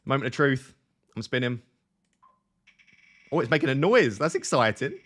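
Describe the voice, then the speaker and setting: Young guy streaming, chatty and self-mocking, mid-pitch voice. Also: animated, moderate pace, fairly bright tone. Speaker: fantasy football streamer. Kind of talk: casual live-stream chat.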